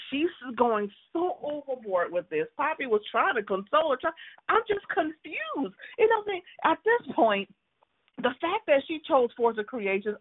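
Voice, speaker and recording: A woman co-hosting a casual soap opera chat, animated and incredulous. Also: high-pitched, husky, no echo. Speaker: podcast co-host. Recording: tinny phone-like line, dry.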